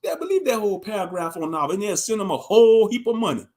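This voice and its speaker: A man's voice: high voice, big pitch swings, fast talker, a little mellow. A man in his thirties giving a profane, mocking, rambling commentary on a livestream. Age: 30s.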